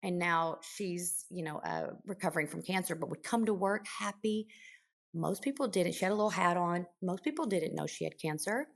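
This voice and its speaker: A woman's voice: lowish voice, lively intonation, normal speed, gravelly. A woman who works as an ICU nurse, a guest on a podcast, telling stories from her work in an earnest, emotional way, with many restarts and fillers. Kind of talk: conversational interview storytelling.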